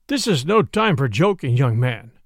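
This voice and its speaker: A shaken, faltering sheriff from a storybook, voiced by a man reading. He stammers as he speaks, in a high, gravelly voice recorded close and dry. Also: very animated, moderate pace, dry recording, exaggerated voice. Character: shaken, faltering male sheriff, middle-aged.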